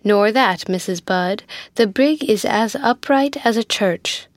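A woman's voice: medium pitch, slow, dry recording, close to an everyday voice. Woman doing a young ship's mate, eager, reassuring, raised voice, dry sound.

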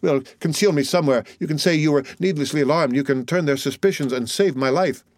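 A man's voice: medium pitch, brisk, a little mellow, dry recording, close to an everyday voice. A man reading an audiobook, voicing a panicked young male fugitive who later turns insolent and mocking. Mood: desperate pleading. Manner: pleading, then mocking and impertinent. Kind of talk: audiobook character voice.

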